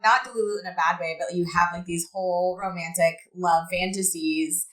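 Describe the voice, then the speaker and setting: Co-host: a woman with a lowish voice, thoughtful and analytical, recorded in a roomy space. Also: steady tone, normal speed, a bit bright. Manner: reflective, analyzing her friend. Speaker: podcast co-host. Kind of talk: casual chat. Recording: echoey room.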